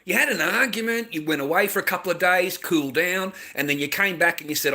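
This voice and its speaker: A middle-aged man with an Australian accent rants at his audience, rambling and lecturing with heavy profanity. His voice is tense and cutting, and it sits a little high for a man. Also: quick pace, hardly any pauses, sharp tone. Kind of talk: casual rant to viewers.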